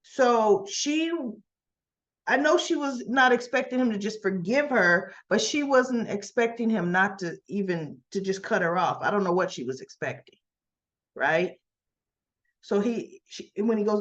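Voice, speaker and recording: A woman talks through a soap opera episode in a loose, chatty way, jumping up in pitch to act out the characters' lines. The audio is a little dull and lo-fi. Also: unhurried. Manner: animated, acts out characters' lines in raised voice. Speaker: soap opera recap host. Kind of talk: casual recap chat.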